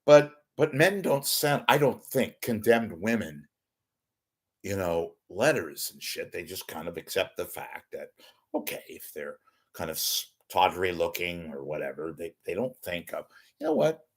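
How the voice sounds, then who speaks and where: A man hosting a live online talk show, rambling through wisecracking solo commentary that swings between loud outbursts and muttered asides. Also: sits low, measured pace.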